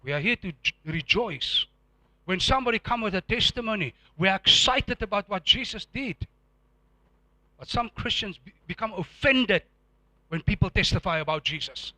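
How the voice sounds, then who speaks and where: A man preaching a sermon as pastor, animated and firing rhetorical questions at the congregation. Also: high voice, moderate pace, no echo.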